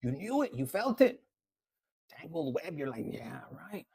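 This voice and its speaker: A man's voice: a little high, big pitch swings, normal speed, darkish tone, husky, dry recording. A man giving a casual tarot reading, talking bluntly and with lots of swearing. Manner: blunt, profane, chatty. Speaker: tarot reader.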